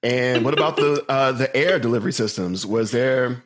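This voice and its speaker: Man, husky timbre, animated casual co-host, swears freely, laughs often. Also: medium pitch, normal speed. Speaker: podcast co-host. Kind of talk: casual movie-review chat.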